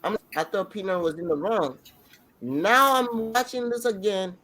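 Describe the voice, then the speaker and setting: High-voiced man rambling through a recap. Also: measured pace, a little hiss or hum, poor audio. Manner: rambling, excitable retelling with restarts. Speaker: podcast co-host. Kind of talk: casual reaction chat.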